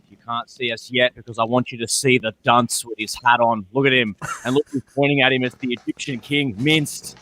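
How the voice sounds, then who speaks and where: Man, podcast host, boisterous, swearing, mid-pitched voice. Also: bright, forceful tone, a little hiss or hum. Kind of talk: casual chat.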